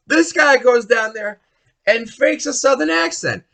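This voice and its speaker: A young man hosting a solo podcast, ranting about sports in a profane, rambling, excitable way. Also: very high voice, takes it slowly, vocal fry, pauses often. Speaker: podcast host.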